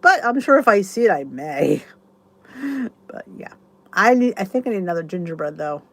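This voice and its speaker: A woman's voice: lowish voice, big pitch swings, normal speed, a bit bright, no echo. Chatty woman host rambling to viewers. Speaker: YouTube channel host. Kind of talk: casual chat to viewers.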